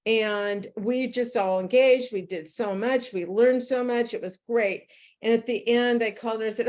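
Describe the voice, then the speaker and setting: A woman's voice: fairly high pitch, steady tone, normal speed, darkish tone. A middle-aged woman presenting a leadership workshop, chatting casually and telling stories with quoted dialogue. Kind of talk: casual talk to a group.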